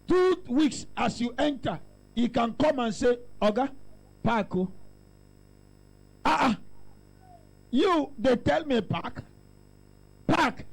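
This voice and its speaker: A male pastor with a Nigerian accent preaching loudly, mixing in pidgin asides and calling out to the congregation. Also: very high-pitched, vocal fry, poor audio. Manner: shouting, call-and-response preaching with pidgin asides. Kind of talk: preaching sermon.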